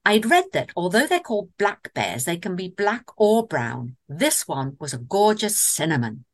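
A woman's voice: on the low side, big pitch swings, normal speed. A woman with an English accent telling a comic story in a theatrical way, with wry asides. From England.

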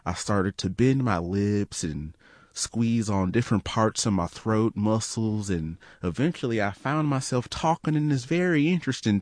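A young man with a low, deep voice tells a personal story in an earnest, reflective way. The sound is dry and close, with no room echo. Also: expressive, normal speed. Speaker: storyteller and guest. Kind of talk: personal story told to an audience.

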